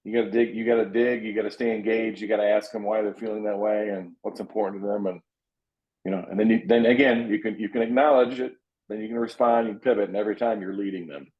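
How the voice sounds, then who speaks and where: Earnest low-voiced man coaching. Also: steady tone, quick pace. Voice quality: low voice, frequent repeated restarts. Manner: earnest, emphatic, acts out client dialogue. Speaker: real estate coach. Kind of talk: coaching talk. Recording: dull lo-fi audio.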